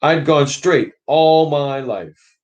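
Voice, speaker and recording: A man's voice: a little high, slow pace, darkish tone, highs cut off, voice pushed up. A man reading aloud and voicing a blustering, self-righteous big ghost from a storybook. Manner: aggrieved, blustering.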